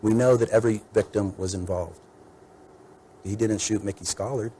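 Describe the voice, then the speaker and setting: Brief: male defense attorney, low mellow voice, measured courtroom argument. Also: fairly even intonation, slight background noise, poor audio. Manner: measured, methodical, lists points.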